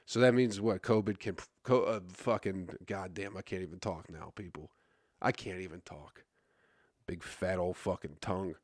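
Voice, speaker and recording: A man's voice: sits low, steady tone, normal speed, darkish tone, dry recording, clean studio sound. A male comedian hosting his own podcast, rambling in a crude, self-mocking casual monologue full of fillers and stumbles. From USA.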